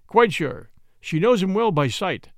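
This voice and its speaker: A man's voice: high voice, lively intonation, no echo, clean studio sound. A man voicing a self-assured, matter-of-fact police inspector in a story reading. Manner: confident, matter-of-fact, brisk.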